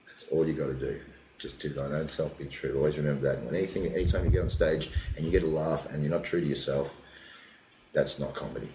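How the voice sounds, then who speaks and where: An older man with an extremely deep, low voice, telling animated stories and sometimes dropping to a muttering aside. The room is echoey and has a faint hum of ambience behind him. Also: fast. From Australia. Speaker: comedian guest. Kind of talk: casual interview storytelling.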